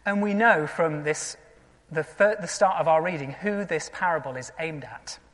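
Pastor delivering a sermon: earnest and conversational, mid-pitched, tosses rhetorical questions at the congregation, long church reverb. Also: normal speed.

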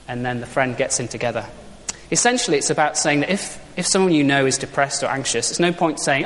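A man's voice: medium pitch, fast, a bit bright, slight background noise. A man preaching an Easter sermon in a chatty, informal way, full of rhetorical questions. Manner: informal, conversational, uses props and rhetorical questions. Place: church. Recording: long church reverb.

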